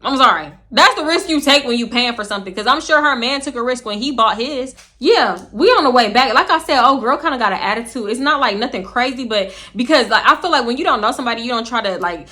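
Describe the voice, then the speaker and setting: Bright-voiced woman telling a wild story. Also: on the high side, fast talker, hardly any pauses. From Houston, Texas. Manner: animated, swears freely, laughs while telling. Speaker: storytime vlogger. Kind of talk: casual storytelling.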